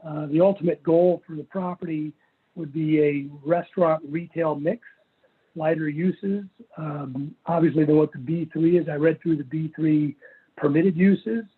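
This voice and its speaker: A man with a somewhat high, husky voice makes his case at a public hearing, reading passages aloud in a methodical, earnest way. His voice comes through a thin, phone-like video-call line. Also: fairly even intonation, unhurried. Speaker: property owner applicant. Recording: phone-like virtual meeting audio.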